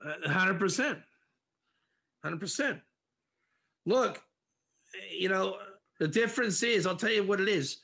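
Male Torah teacher, high gravelly voice, animated and talkative in class. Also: unhurried, pauses often. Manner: animated, dramatizes examples, answers students by name. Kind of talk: interactive class on Proverbs.

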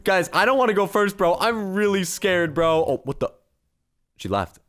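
Excitable, high, lively-voiced man gaming. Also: normal speed. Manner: excitable, swings from hushed murmurs to loud squeals. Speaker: gaming YouTuber. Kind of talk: Roblox gameplay commentary.

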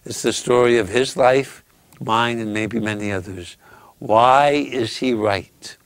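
A man hosting a casual chat, telling riddles and stories in a slow, drawn-out, teasing way. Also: medium pitch, smooth, no echo. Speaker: host.

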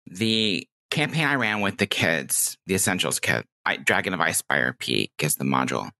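Candid woman with a nasal, lively voice. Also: extremely low pitch, normal speed. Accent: self-made nasal Californian-Midwestern. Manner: candid, animated, reflective. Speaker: guest, game designer. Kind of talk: podcast interview conversation.

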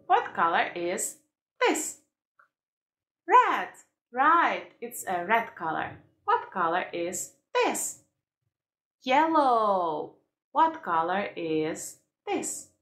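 A woman teaching toddlers in a slow, exaggerated sing-song manner, repeating words. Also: a little high, bright, forceful tone. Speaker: children's teacher. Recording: roomy echo.

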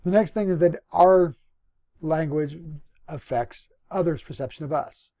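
A man from the US Northwest giving a recorded lecture in an unhurried, conversational way, with restarts and pauses. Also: a little high, warm tone. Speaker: instructor.

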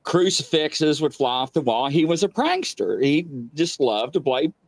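Lively man telling a ghost story. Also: fairly high pitch, moderate pace, dry recording. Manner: animated, acts out quotes loudly. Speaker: guest telling paranormal experiences. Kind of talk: casual storytelling.

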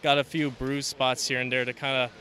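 A man casually showing off his handmade models at a convention, talking as he demonstrates with a relaxed manner and many fillers. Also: mid-range voice, a little fast. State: out of breath. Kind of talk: casual show-and-tell. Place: convention hall, indoors.

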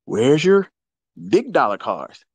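Man, profane storyteller, mocking, loud bursts, dry sound. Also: on the high side, very animated, slow pace, breathy edge, no room sound. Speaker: trading educator on a live audio space. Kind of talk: casual storytelling monologue.

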